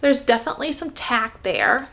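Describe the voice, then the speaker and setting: Woman with a slightly high voice doing a chatty hair tutorial, lots of "like"s as she scrunches. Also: sing-song, moderate pace, creaky, a bit bright. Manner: chatty, thinks aloud with many "like" fillers. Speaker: hair care vlogger. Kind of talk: casual tutorial chat.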